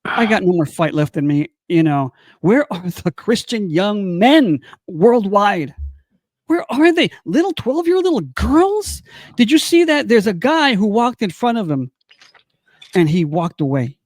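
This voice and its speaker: An older man with a high, lively voice pours out impassioned rhetorical questions on a casual podcast. He sounds close and dry on a studio mic. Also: a little slow, no room sound. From United States. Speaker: co-host.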